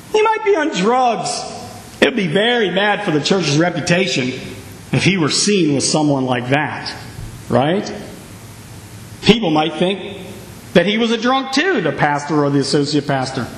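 A man preaching a sermon, telling the story with lively, acted-out reactions. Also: a little high, moderate pace, pauses often, a little hiss or hum. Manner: animated storytelling, acting out reactions. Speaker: pastor. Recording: echoey hall.

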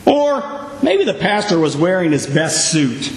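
A man preaching a sermon, telling the story with lively, acted-out reactions. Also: high-pitched, measured pace, hardly any pauses. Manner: animated storytelling, acting out reactions. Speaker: pastor. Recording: echoey hall.

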